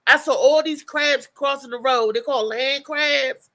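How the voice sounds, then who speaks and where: A woman with a high, bright voice chats on a casual livestream. She tells stories with animation and restarts often. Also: normal speed. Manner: animated storytelling with frequent restarts and laughter. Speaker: co-host.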